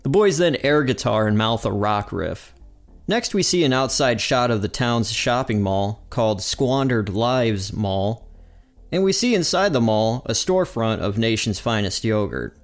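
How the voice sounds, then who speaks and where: A man hosting a podcast and narrating an episode recap in an energetic, upbeat way. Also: mid-range voice, a little slow, soft background music. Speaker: podcast host.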